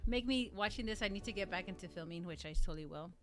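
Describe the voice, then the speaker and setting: A woman hosts a relaxed livestream and chats with her audience. She talks in a gushing, rambling way, stacking "like" between her thoughts and restarting sentences as she goes. Her voice sits in an ordinary middle pitch. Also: fast, over music. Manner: gushing and rambling, heavy use of "like". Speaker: livestream host. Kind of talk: casual livestream chat.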